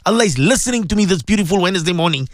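A man's voice: high-pitched, animated, rapid-fire, dry recording. Fervent male radio preacher, dry sound. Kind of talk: radio sermon.

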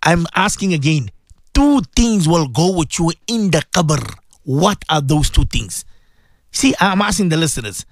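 A man hosting a radio sermon. He tells a story quietly, then preaches with fervour and repeats his phrases. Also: on the high side, dry recording, studio quality.

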